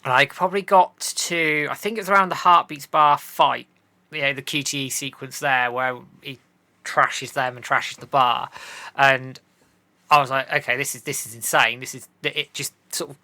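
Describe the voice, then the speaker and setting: Man, podcast guest, gravelly voice, bright edge, lively storytelling, dry sound. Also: medium pitch, normal speed, dry recording. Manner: lively storyteller, acts out his past reactions. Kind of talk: casual podcast chat.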